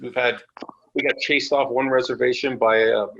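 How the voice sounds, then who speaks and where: A man's voice: mid-range voice, normal speed, noisy background. A man telling wrestling road stories as a podcast guest, acting out voices and swearing freely. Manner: animated, acts out voices in his stories. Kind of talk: casual storytelling. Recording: dull lo-fi podcast audio.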